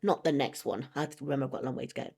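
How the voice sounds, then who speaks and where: A woman's voice: rumbling low, very fast, creaky, darkish tone, slight background noise. A woman talking casually to camera in a vlog, chatty and digressive, often breaking into laughter. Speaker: vlogger.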